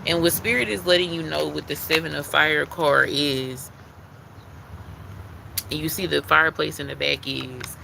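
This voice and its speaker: A man's voice: fairly high pitch, steady tone, normal speed, creaky, noisy background. A man giving a live-streamed spiritual tarot card reading, talking in an earnest, repetitive way that leans on emphasis like a preacher.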